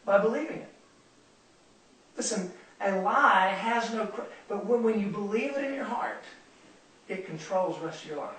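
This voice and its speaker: A man's voice: high-pitched, animated, moderate pace, long pauses, fairly bright tone. A man teaching a Bible study, speaking earnestly and repeating words for emphasis. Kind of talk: sermon. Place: room used for a Bible study. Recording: echoey room from far off, faint noise.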